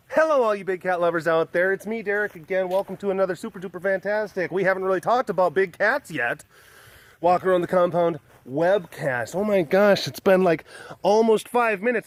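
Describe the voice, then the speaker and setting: A young man with a high-pitched voice rambles cheerfully as he walks around an outdoor big cat compound for his animal sanctuary vlog. It's a casual walking vlog, with no room sound.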